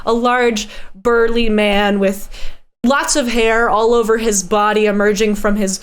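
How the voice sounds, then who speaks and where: A woman narrating a tabletop game as game master in a measured, descriptive way. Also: medium pitch, fairly even intonation, smooth.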